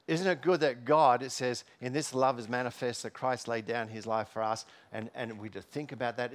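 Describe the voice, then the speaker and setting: A middle-aged man with a medium-pitched, slightly bright voice preaches a sermon in a church. He tells personal stories, full of fillers and frequent restarts.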